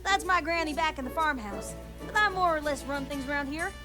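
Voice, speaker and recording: A woman's voice: high voice, brisk, lightly acted. A woman voicing Applejack, a folksy Southern farm mare. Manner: folksy, drawling. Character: friendly hardworking young farm mare. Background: game music.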